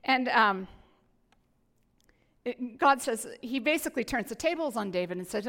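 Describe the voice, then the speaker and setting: Woman pastor, higher voice, lively playful sermon delivery, long church-hall reverb. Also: normal speed. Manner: animated, playful, with frequent restarts.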